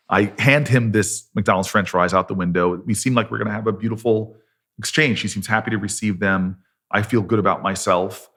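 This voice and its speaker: A man's voice: lowish voice, fairly bright tone. A middle-aged man, a senator on a podcast, telling a personal story in an earnest, self-deprecating way. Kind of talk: conversational storytelling.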